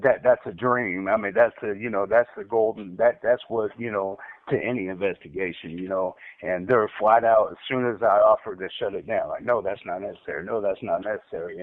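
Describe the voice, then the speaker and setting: A man telling his story over the phone, stuttering, repeating words and restarting his sentences. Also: lowish voice. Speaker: caller recounting an interrogation. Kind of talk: casual phone account. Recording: tinny dry phone line.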